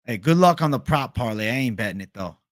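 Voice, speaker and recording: A man's voice: mid-range voice, expressive, fast talker, no echo, studio quality. A young man hosting a casual livestream, reading viewer questions aloud in a laid-back, profane bro manner. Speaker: livestream host.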